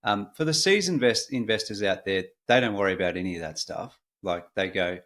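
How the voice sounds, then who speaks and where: A middle-aged Australian man hosting a podcast in a relaxed, chatty way with frequent fillers. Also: lowish voice, a little fast. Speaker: podcast host. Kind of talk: casual conversational podcast.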